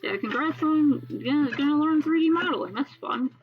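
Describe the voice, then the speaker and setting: Lively woman streamer, slightly distant mic. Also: high voice, moderate pace, lo-fi sound. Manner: chatty and animated, swears casually, reacts aloud to chat. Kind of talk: casual stream chat while working on art.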